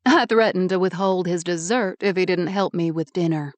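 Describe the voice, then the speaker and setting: A woman voicing a cheerful, bossy middle-aged mother who gives orders in a lively way. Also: lowish voice, moderate pace, no room sound, close to an everyday voice. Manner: bustling, commanding, lively.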